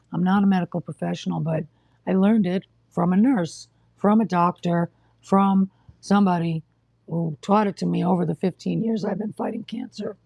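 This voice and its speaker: The audio is dull with no room sound, catching a husky, gravelly, low and mellow voice up close on a casual live stream. The host, describing hospital care, coughs and is short of breath while lecturing bluntly and with exasperation.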